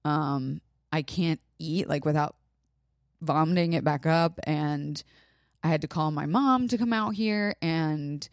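A young woman speaks low and slowly on her podcast, pausing often as she fights back tears. Her delivery is halting and emotional, full of fillers and restarts. The sound is dry and close. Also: no room sound. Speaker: podcast host. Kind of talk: personal monologue.

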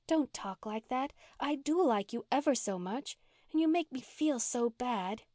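A woman voicing a gentle, earnest young minister's daughter who speaks softly and tenderly, read for a storybook. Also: medium pitch, fairly quick, dry recording, studio quality, lightly acted. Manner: soft, tender and pleading.

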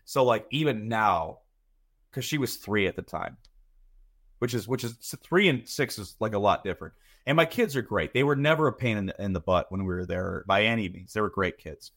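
Rambling low-voiced man chatting. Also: moderate pace, a bit bright. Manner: rambling, repeats words while thinking. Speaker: podcast guest. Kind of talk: casual chat.

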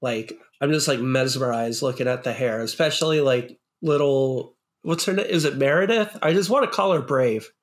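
Male podcast co-host, medium pitch, loose rambling delivery. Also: normal speed, hardly any pauses. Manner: rambling, heavy use of "like". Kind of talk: casual podcast chat.

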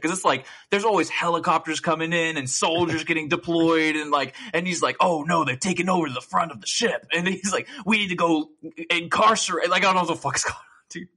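Bright, animated young man telling game stories. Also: fairly high pitch. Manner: animated storytelling with lots of swearing and laughter. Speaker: podcast co-host. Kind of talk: casual gaming chat.

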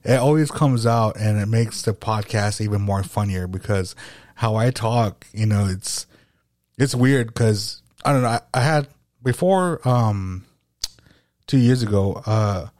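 A man's voice: lowish voice, a little mellow, dry recording, clean studio sound. A man hosting a casual podcast conversation, talking with a slight lisp and often stopping to search for his words. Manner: halting, with frequent restarts and searching for words. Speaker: podcast host.

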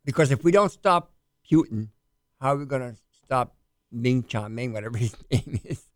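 Halting New co-host, dry mic. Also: male voice, mid-range voice, expressive, dry recording. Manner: halting, repeats words when starting. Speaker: radio co-host, news desk. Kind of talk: casual talk radio banter. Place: radio studio.

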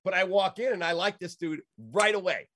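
A man's voice: sits high, moderate pace. A middle-aged man from the Chicago area, telling a story in casual talk and acting out the voices of the people in it. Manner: lively, acts out quoted voices.

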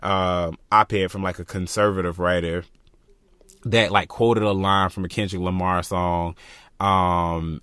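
A young man from Florida, co-hosting a podcast in casual chat, passionate and animated, thinking aloud with lots of fillers. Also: low-pitched, a little slow, smooth, no echo. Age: young adult. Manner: passionate, animated, talks through ideas with many fillers. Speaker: podcast co-host.

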